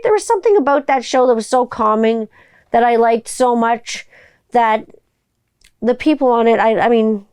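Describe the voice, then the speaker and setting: A woman's voice: a little high, normal speed, a little mellow, clean tone, no room sound, clean studio sound. A woman hosting her own podcast, chatting casually and rambling with lots of "like" and playful asides. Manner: rambling and chatty, heavy use of "like"; playful, hums a silly tune while thinking. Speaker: podcast host. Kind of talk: casual solo podcast chat.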